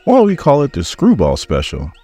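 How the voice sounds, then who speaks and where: A man voicing a gruff, wisecracking male brawler from a comic. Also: medium pitch, wildly swooping pitch, a little fast, dark tone, faint music behind, pitched above the performer's own voice.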